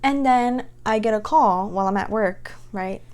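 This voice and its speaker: A woman in her twenties telling a dramatic storytime to the camera, exasperated and animated as she recounts what happened. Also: medium pitch, normal speed. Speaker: vlogger. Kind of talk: storytime vlog.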